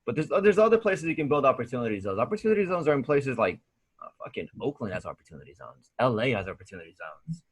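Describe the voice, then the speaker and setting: Husky, laid-back Southern Californian man. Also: mid-range voice, big pitch swings, fast. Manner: laid-back, slangy, swears casually. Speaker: podcast guest. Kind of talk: casual conversation.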